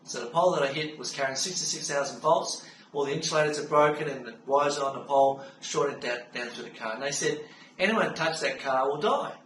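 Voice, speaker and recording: A middle-aged Australian man calmly recounting a personal story in an unhurried way, with frequent fillers. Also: on the high side. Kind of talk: personal spoken testimony. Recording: roomy sound from a distance with faint background hum.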